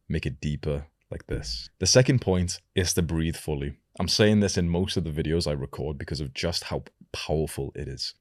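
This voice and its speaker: A young man coaching viewers in a direct-to-camera vlog, instructive and deliberate, demonstrating his own voice as he explains. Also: deep voice, dry recording, studio quality. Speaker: self-improvement coach.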